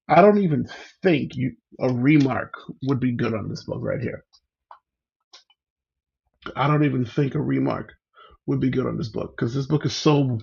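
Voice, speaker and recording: A man's voice: mid-range voice, gravelly, warm tone, slightly rough, highs cut off. A man hosting a casual livestream, chatting and greeting viewers by name. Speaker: livestream host.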